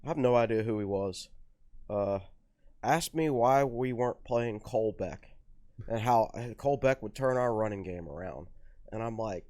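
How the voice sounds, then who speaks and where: A man's voice: fairly low pitch, moderate pace, a little mellow, no room sound, studio quality. A man co-hosting a sports podcast, talking conversationally with frequent fillers and restarts. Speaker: podcast co-host, sports writer. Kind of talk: casual podcast chat.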